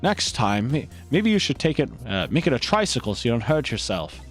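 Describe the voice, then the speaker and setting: A man voicing a smooth-talking male gangster with a put-on Italian accent, flirty and theatrical, while reading game dialogue aloud. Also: mid-range voice, sing-song, brisk, faint music behind, close to an everyday voice. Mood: smarmy. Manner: flirty, theatrical, overly gallant. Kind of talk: gameplay dialogue read-aloud.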